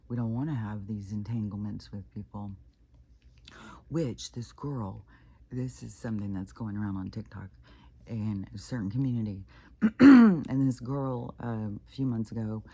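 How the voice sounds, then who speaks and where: A woman's voice: extremely low pitch, normal speed, dark tone, breathy edge. A woman vlogger talking in a casual, rambling monologue, full of fillers and the odd swear word. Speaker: spiritual vlogger.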